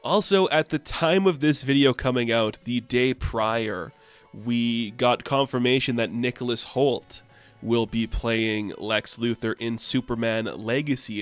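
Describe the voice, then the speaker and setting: A man's voice: mid-range voice, measured pace, a bit bright, soft background music. Casual man recapping a comic. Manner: chatty, paraphrases characters with "he's like". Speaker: comic book reviewer.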